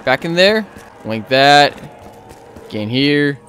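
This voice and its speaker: Excitable high-voiced young man gaming. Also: slow pace, slight background noise. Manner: excitable, yells in panic, slangy. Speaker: gaming YouTuber. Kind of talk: gameplay commentary.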